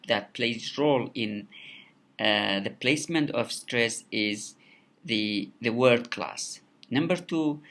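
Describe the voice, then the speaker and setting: A man giving a recorded lecture, halting with many fillers and repeated words. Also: medium pitch, creaky, a bit bright. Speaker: English lecturer.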